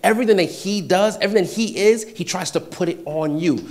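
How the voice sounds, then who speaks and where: This sermon comes from a fast-talking man with a high voice. He keeps repeating brief phrases, and his delivery veers between loud exhortation and hushed passages just above a whisper.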